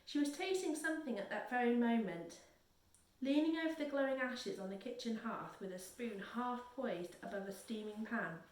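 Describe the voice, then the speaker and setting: A woman's voice: fairly high pitch, moderate pace. Woman reading a story aloud, roomy sound. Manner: steady and careful, with small slips she corrects. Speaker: reader. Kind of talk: reading a children's novel aloud. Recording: roomy, a little distant from the mic.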